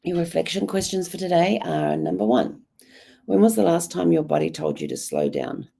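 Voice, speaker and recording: A woman with a hoarse, croaky voice who coughs now and then, hosting a casual daily journaling vlog in a rambling, chatty way. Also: fairly low pitch, wildly swooping pitch, moderate pace, mellow. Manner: rambling, chatty, many ums. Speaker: host.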